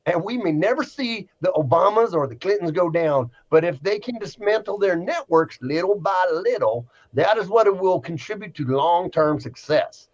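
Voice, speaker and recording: A man's voice: high voice, expressive, moderate pace, few pauses, dull audio. A man putting on a scolding Southern commenter. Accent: American Southern. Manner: scolding, lecturing. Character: preachy Southern woman online commenter.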